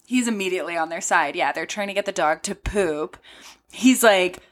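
A woman's voice: on the low side, normal speed. A woman co-hosting a podcast, casually retelling film scenes in a laid-back way and chuckling often. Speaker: podcast co-host. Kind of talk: casual chat.

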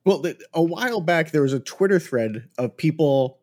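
A man's voice: fairly high pitch, animated, darkish tone. A middle-aged man co-hosting a podcast, chatting and laughing through his stories. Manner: chatty, quick asides, laughs while telling stories. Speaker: podcast co-host. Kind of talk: casual chat.

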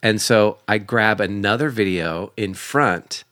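Speaking a little slowly in a lowish voice, a male podcast co-host spins a humorous tale with plenty of laughter. He's animated and performs the quoted voices himself. The sound is clean studio quality without echo.

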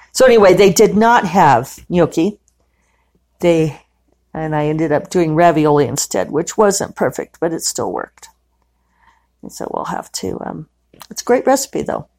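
Woman host, casual diary podcast, chatty and rambling, a touch low in pitch, recorded at home. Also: lively intonation, a little mellow. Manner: chatty, rambling, quick to laugh. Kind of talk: casual diary-style monologue. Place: living room at home.

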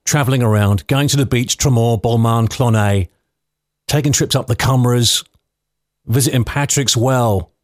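A man's voice: mid-range voice, no echo, studio quality. A man in his fifties from London hosting a podcast, telling personal stories in a chatty, nostalgic way. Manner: chatty, nostalgic, anecdotal with light laughs. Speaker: podcast host.

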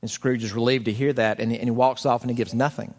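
In a large hall, a man with a mid-range voice preaches fast. This pastor's sermon is conversational, full of lively stories and quoted lines he acts out with drama.

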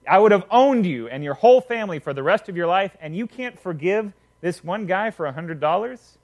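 Man putting on a stern rich king, demanding, lively pitch swings. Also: brisk.

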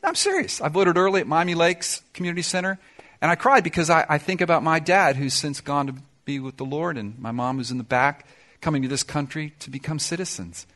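Middle-aged male pastor, sermon delivery, bright and a bit high, emphatic with sudden hushed asides. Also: lively intonation, a little fast. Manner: emphatic preacher, swings from loud to soft and confiding; sings song lyrics in snatches.

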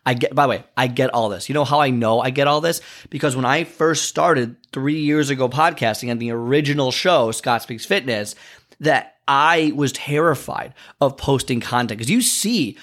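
A man's voice: mid-range voice, moderate pace, fairly bright tone. A man hosting a fitness podcast, giving a casual motivational talk full of fillers and restarts. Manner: conversational, many fillers and restarts.

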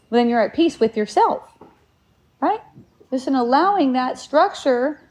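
Woman with a slightly high voice musing. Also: darkish tone. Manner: rambling and reflective, with many restarts. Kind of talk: casual spiritual talk.

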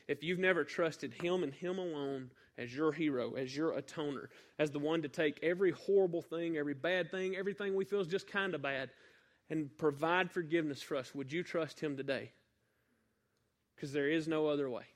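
A man from northeast Mississippi with a Southern accent, preaching a sermon and telling a folksy story with sudden loud bursts. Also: a little high.

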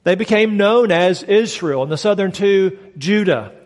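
A high-voiced man preaching from the pulpit of a church sanctuary. He delivers his sermon emphatically and draws the congregation into call-and-response. A long hall reverb trails every phrase. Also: animated, moderate pace. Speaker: pastor.

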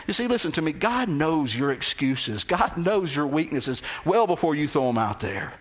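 A male pastor delivers a sermon with a notably high voice for a man. He speaks with emphasis and keeps putting questions to his listeners. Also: very animated, normal speed, hardly any pauses. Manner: emphatic, asks the congregation questions.

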